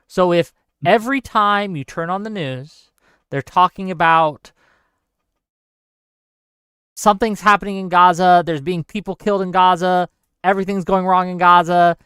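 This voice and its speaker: Male host, higher-pitched, smooth voice, emphatic and casual. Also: fairly even intonation, moderate pace, pauses often, sharp tone, no echo, studio quality. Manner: emphatic, restarts his thoughts. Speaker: show host. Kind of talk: casual political chat.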